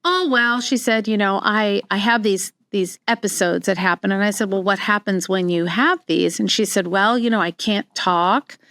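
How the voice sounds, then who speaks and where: Middle-aged woman host, casual storytelling, candid and chatty, mid-pitched voice, dead-dry close mic. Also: moderate pace, few pauses, no echo. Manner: candid, animated when quoting herself, frequent restarts. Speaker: podcast host, wellness practitioner. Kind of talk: casual solo podcast storytelling.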